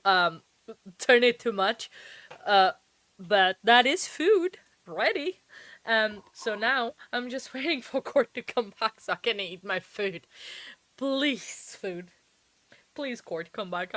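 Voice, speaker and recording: A woman's voice: medium pitch, animated, slow pace, pushed and bright, no echo. A woman hosting a live stream in a casual, chatty way, often laughing and talking straight to her viewers. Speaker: livestream host.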